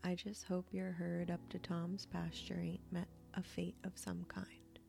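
A woman reading the lines of a stern, caring old grandmother who scolds softly. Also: on the low side, completely flat delivery, a little slow, creaky, soft background music.

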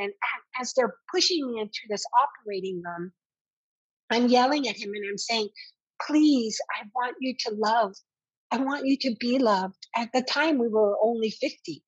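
A woman's voice: on the high side, breathy edge, no echo, muffled recording. Earnest woman telling a personal story. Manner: earnest, animated retelling with quoted dialogue. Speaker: interview guest.

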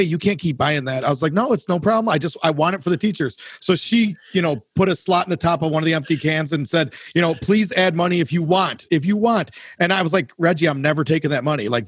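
A man with a fairly high voice talks fast as a guest in a relaxed interview. He is a school principal and tells his stories in an easygoing way. The sound is dry and close. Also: no echo. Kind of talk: casual conversational interview.

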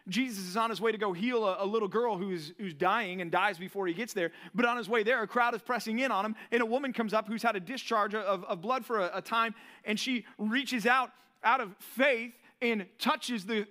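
A young adult man preaching a sermon as pastor, animated, with quick asides and acted-out quotes. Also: high-pitched.

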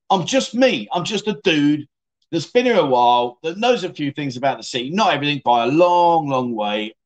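Cheeky man hosting a livestream. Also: fairly high pitch. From United Kingdom. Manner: cheeky, self-mocking, laughs often. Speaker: livestream host. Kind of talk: casual chat reading viewer comments.

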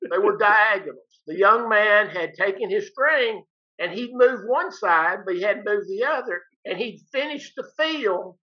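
A man's voice: high voice, lively intonation, measured pace. An older man, a retired teacher, telling a story in a folksy, plain-spoken way and acting out both sides of each exchange. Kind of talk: casual storytelling. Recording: dull lo-fi recording.

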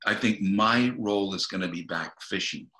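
A man, a guest minister, earnestly retelling a Bible story in an interview, with halting restarts, and acting out the quotes. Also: sits low, bright, forceful tone. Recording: echoey room.

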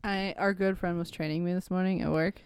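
A woman's voice: lowish voice, fairly even intonation, brisk, a little mellow, smooth. A young woman co-hosting a podcast, joking and offhand in casual chat. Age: young adult. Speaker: podcast co-host.

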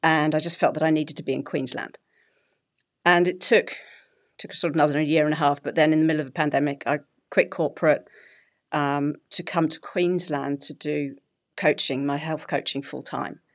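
English woman guest, middle-aged, kinda low voice, chatty and animated telling stories. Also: moderate pace. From England. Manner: animated storytelling, laughs often. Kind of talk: conversational interview.

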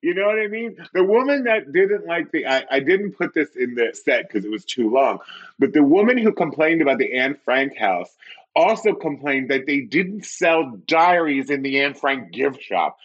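A man, an actor and comedian, chatting as a podcast guest and telling animated stories with lots of laughter. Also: moderate pace. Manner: animated storyteller, swoops high for quoted voices and laughs. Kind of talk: casual interview chat.

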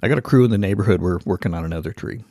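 A man hosting a podcast, telling a story in an animated, casual way and acting out the voices of the people in it. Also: low voice, rapid-fire, no echo, clean studio sound. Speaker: podcast host.

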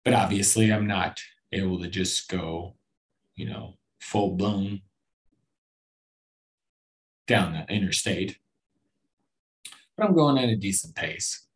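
A man with a somewhat low voice talks on his own podcast in a loose, meandering way. He swears casually, pokes fun at himself, and often stumbles and restarts mid-sentence. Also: slow, pauses often. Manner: rambling, profane and self-deprecating, with frequent restarts. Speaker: podcast host. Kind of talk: casual solo podcast chat.

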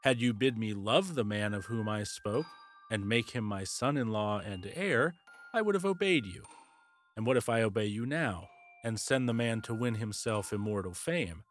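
A man's voice: lowish voice, animated, normal speed, lightly acted. A man voicing a cunning old king. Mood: coaxing. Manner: gentle, persuasive speech. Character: cunning older male king, smooth and scheming.

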